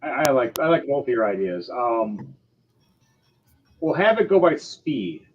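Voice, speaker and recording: Here a game master runs a tabletop session, his narration loose and packed with ums and uhs. He has a mid-range, sing-song voice at a measured pace, captured in slightly dull lo-fi audio with faint music behind it.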